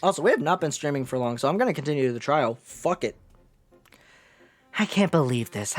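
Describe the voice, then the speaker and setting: A man's voice: on the high side, lively intonation, fairly quick, pauses often, soft background music. A man streaming a game, talking casually, swearing and getting easily flustered. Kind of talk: casual gaming stream commentary.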